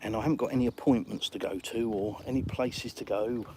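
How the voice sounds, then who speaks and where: A man's voice: lowish voice, fairly even intonation, a little fast, background noise. A middle-aged Englishman chatting casually on a live stream, reading viewer comments and calling people mate. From England.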